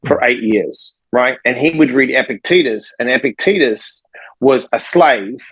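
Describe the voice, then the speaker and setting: A man who is a life coach and author, telling a story in a podcast conversation with lively energy and acting out the people in it. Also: medium pitch, unhurried, slightly rough, dry recording, low-quality recording. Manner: energetic, acts out the people in his stories.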